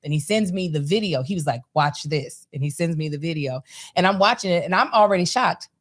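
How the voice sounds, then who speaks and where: Woman, co-host, expressive retelling, wide pitch swings. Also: a little fast. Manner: expressive, laughing retelling with quoted dialogue. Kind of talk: casual chat.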